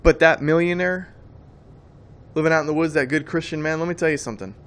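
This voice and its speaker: A man's voice: a little high, fairly even intonation, fast. A man giving a preaching monologue on faith, emphatic and rambling, often repeating his words as he goes. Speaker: Christian speaker.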